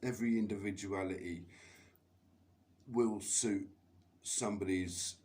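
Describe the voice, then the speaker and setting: A man's voice: on the low side, fairly even intonation, a little slow, a little mellow. A man telling a long rambling story on a live stream, swearing constantly and laughing between lines. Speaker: livestreamer.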